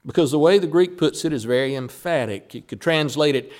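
A man preaching a sermon, who slows down and leans hard on the words he wants to stress. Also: medium pitch, lively intonation, a little mellow.

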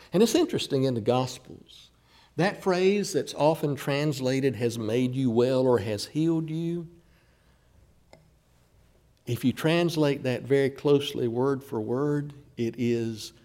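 A man preaching a sermon, retelling a scripture story with acted quotes and dramatic pauses. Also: medium pitch, dark tone.

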